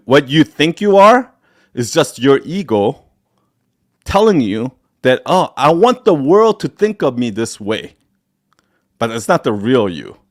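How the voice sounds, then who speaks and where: A man's voice: medium pitch, no room sound, studio quality. A man hosting a live Q&A, lecturing bluntly and heatedly with lots of swearing and many restarts. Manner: blunt, profane, heated tough-love lecturing; rambling with many restarts and fillers. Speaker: host of a live Q&A. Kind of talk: live stream Q&A talk.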